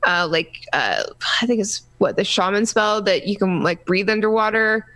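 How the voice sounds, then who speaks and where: A woman co-hosting a casual gaming podcast, talking in a rambling, halting way full of restarts and fillers. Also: mid-range voice, lively intonation, a bit bright. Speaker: podcast co-host.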